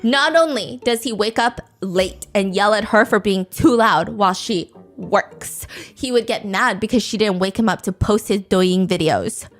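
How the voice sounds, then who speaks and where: A woman hosting a podcast, telling a dating drama in an animated, gossipy way and laughing often. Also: mid-range voice, measured pace, hardly any pauses. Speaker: podcast host. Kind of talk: storytelling commentary.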